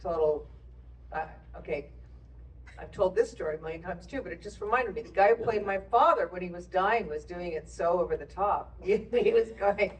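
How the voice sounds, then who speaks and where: A woman's voice: fairly low pitch, normal speed, recorded from a distance. A woman actor on a convention panel, telling behind-the-scenes stories and laughing as she goes. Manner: animated, laughing while telling anecdotes. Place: convention hall panel, heard from a distance.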